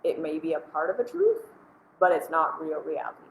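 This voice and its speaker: A woman with a lowish voice talks earnestly and conversationally, thinking aloud with frequent "like" fillers. Her voice rings in a roomy, echoey space, with a faint hiss underneath. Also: very animated, fairly quick. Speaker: host. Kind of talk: casual spoken commentary.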